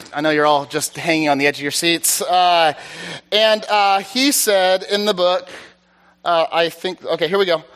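Bright-voiced man preaching casually. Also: sits high. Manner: chatty, self-deprecating, keeps checking in with "all right?". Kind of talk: conversational teaching sermon. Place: church service.

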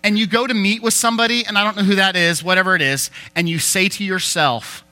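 A man preaching a sermon, telling a personal story in an animated way with many fillers. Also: high voice, quick pace, faint music behind. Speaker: pastor.

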